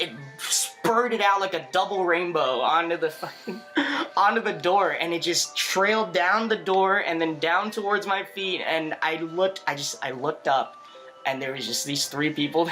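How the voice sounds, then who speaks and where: List: young man, podcast co-host, bright forceful tone, animated, frequent laughs. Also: fairly high pitch. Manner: animated, laughs often, many fillers. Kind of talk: casual storytelling chat.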